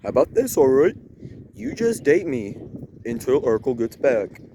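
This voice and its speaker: A man playing a brash, lovestruck young man in an amateur comedy skit, excitable and blustering. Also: mid-range voice, normal speed, slight background noise.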